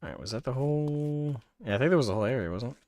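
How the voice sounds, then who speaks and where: A man's voice: mid-range voice, lively intonation, racing, mellow. A man giving casual, rambling commentary while livestreaming a game, full of fillers and the odd curse. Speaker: game streamer.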